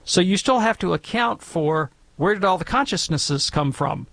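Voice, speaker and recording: Gravelly, rambling man on call-in radio. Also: high voice, expressive, normal speed, a bit bright, dry recording. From Alabama, USA. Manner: rambling, digressive and jokey, with playful tangents. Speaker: guest theologian answering questions. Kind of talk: casual explanatory radio talk.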